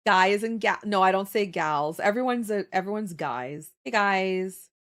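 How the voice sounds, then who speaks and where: A young adult woman, chatting casually with her live viewers. She talks in an animated way, laughs often and answers viewer comments as they come in. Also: mid-range voice, a little slow. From Canada. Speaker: livestreamer.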